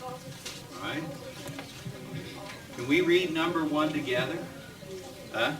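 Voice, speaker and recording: A man's voice: a little high, slow. A male teacher leading a classroom demonstration lesson. He coaxes the students and repeats their sentences back to the class. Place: classroom with grade-five students. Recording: roomy, distant, noisy classroom recording.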